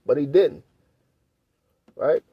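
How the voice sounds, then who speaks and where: A man's voice: on the high side, slow pace, slightly rough, no room sound, dull audio. A man leading a casual scripture study, reading verses aloud and breaking into loose, blunt commentary that he often ends with a questioning "right?". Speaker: Bible teacher.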